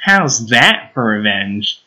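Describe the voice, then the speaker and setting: A man's voice: mid-range voice, very animated, takes it slowly, bright, forceful tone, slightly rough, faint music behind, exaggerated voice. A man voicing a playful, mischievous teenage girl in a game read-through, with a teasing girlish tone. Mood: smug.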